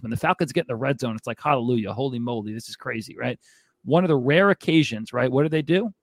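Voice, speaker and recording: A man's voice: fairly high pitch, no room sound. A man co-hosting a sports podcast, ranting in a fired-up, exasperated way. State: out of breath. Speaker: podcast co-host.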